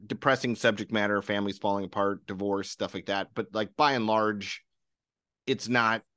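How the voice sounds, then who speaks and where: A man's voice: lowish voice, fairly even intonation, normal speed, sharp tone, clean tone, no room sound, studio quality. A man co-hosting a casual film-review chat, rambling and dismissive. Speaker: podcast co-host, film reviewer.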